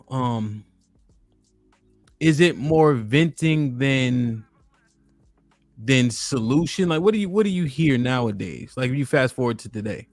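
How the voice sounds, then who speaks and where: A man's voice: mid-range voice, dry recording. A man hosting a podcast interview in a casual, laid-back way, loose with slang and filled with "you know" and "um". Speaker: podcast host. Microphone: studio dynamic microphone.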